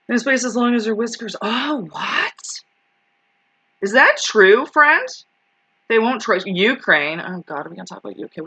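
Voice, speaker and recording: A woman's voice: mid-range voice, bright, forceful tone, breathy edge. A Canadian woman in her thirties hosting a ranting vlog, swearing freely, sarcastic and laughing as she talks. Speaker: channel host.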